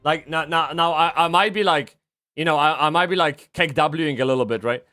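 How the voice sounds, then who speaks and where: A man streaming a game live, rambling and swearing as he swings from excited yelling to low muttering. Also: normal speed, soft background music. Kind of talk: live gameplay commentary.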